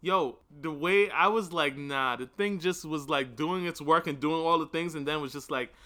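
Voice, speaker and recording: A man's voice: a little high, moderate pace, bright, forceful tone. A man co-hosting a podcast in casual chat, reacting expressively with laughs and exclamations. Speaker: podcast co-host.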